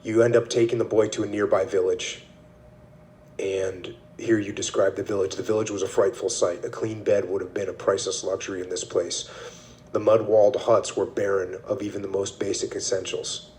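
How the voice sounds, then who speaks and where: A man hosting a podcast, reading passages from a book aloud and discussing them in a measured, steady way. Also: on the low side. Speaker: podcast host.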